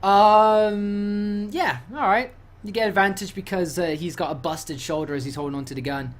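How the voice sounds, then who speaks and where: A man's voice: high-pitched, fairly even intonation, moderate pace. A man running a tabletop game as game master, talking loosely with fillers, restarts and swearing.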